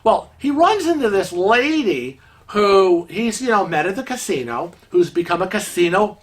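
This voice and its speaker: A man co-hosting a vlog, telling stories in an animated, exasperated way. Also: high voice, moderate pace. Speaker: vlog co-host. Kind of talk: casual storytelling.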